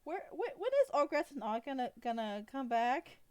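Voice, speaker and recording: A woman's voice: sits high, lively intonation, normal speed, a little mellow, smooth, pitched above the performer's own voice. A woman voicing a playful little goblin girl in a tabletop role-play game, with squealy, breathless kid chatter. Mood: pleading.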